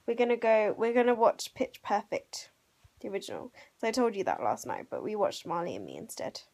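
A woman's voice: medium pitch, wildly swooping pitch, brisk, gravelly, a little mellow. A young woman chatting casually in a daily vlog, tired and a little out of breath, laughing often. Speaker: vlogger.

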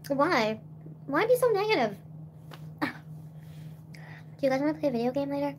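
Giggly high-voiced woman streamer. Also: big pitch swings, normal speed, a little hiss or hum. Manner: giggly, rambling, talks while eating. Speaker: livestreamer. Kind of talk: casual livestream chat.

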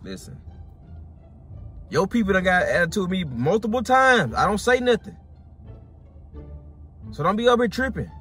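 A man's voice: high voice, moderate pace, pauses often, husky, faint music behind. A young man, talking casually in a car, repeating himself as he scolds. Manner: repeats himself, calm-down pleading then scolding. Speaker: prank target, boyfriend. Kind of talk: casual chat.

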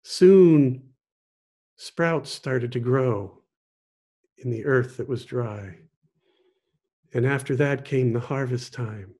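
A man, a pastor, telling a parable in a sermon, gently and with pauses. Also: mid-range voice. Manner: slow, gentle storytelling with pauses. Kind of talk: storytelling sermon.

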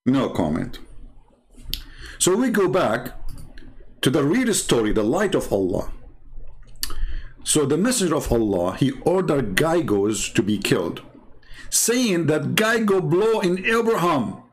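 A man's voice: a little high, big pitch swings, unhurried, pauses often. A man from the Middle East whose first language is Arabic, speaking with an Arabic accent. He hosts a rambling, sarcastic livestream commentary. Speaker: channel host and religion critic.

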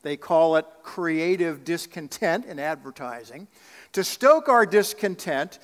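A male pastor preaches a sermon earnestly in a church sanctuary, asking the congregation rhetorical questions. His voice sits high and has a fairly bright tone, with the long reverb of the sanctuary around it.

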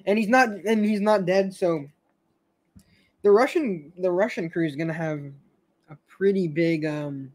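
High-voiced young man rambling about a show. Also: a little slow, long pauses. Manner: rambling, stammers and restarts, laughs often. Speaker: show fan host. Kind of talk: casual fan commentary stream.

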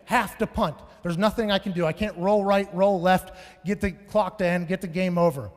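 A man in his thirties performs a stand-up set on a big stage, spinning stories in a loud, profane way that bursts into shouts. His voice sits high, and it rings out through a live hall with a long reverb tail. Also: steady tone, moderate pace. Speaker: stand-up comedian. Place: large venue on stage.

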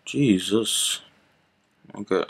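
A young man hosting his gaming channel, chatting casually and reacting out loud to the game as he plays. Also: fairly low pitch, very slow, gravelly, slightly rough. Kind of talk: casual gameplay commentary.

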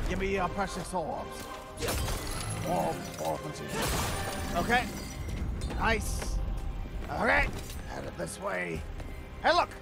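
Man putting on a brash alien prince for a let's-play, high gravelly yells, wildly swinging pitch, game music behind. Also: sing-song, slow, pauses often, heavily acted. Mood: ranting, gaming. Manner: swearing, shouting outbursts at the game. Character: arrogant hot-headed alien warrior prince, male adult. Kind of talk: gaming commentary in character.

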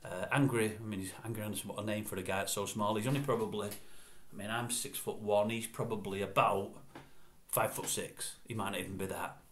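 A man rambles through old memories and keeps correcting himself as he talks. His voice sits a little low. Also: steady tone, brisk, slight background noise. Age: 60s. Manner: chatty, meandering, self-correcting. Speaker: vlogger. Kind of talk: rambling reminiscence.

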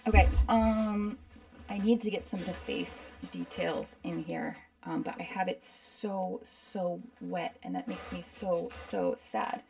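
A woman's voice: fairly low pitch, fairly even intonation, slow pace, vocal fry, a little mellow, recorded from a distance, faint music behind. A woman instructor chatting casually through a live painting demo, rambling and saying "like" a lot. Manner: chatty, rambling, uses lots of "like". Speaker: art instructor.

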